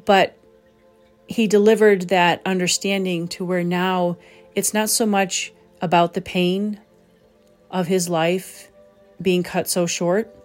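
A woman hosting a reflective spoken talk as a medium, gentle and pausing to search for the right words. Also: on the low side, level tone, soft background music. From southern New England. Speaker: psychic medium, host.

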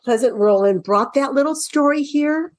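A woman's voice: high voice, moderate pace, no echo, studio quality. A woman walking parents through a children's workbook in a casual explanatory way. She reads passages aloud and asks questions that she then answers herself.

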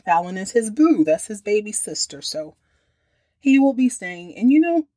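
A woman's voice: mid-range voice, sing-song, normal speed, dark tone, dry recording. A woman, hosting a podcast and recapping a TV episode in a chatty, opinionated way. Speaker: podcast host.

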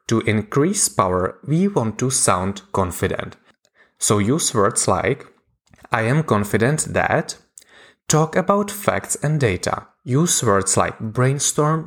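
A man with a lowish voice narrates a scripted lesson like a communication coach. He talks slowly and deliberately, pausing between points. His pitch moves a lot from phrase to phrase. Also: very animated, fairly bright tone.

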